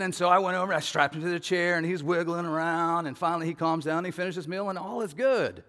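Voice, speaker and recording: A man preaching a sermon as a pastor, telling a family story in an animated way and acting out voices with shouts and laughs. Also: fairly high pitch, fast, few pauses. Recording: long hall reverb.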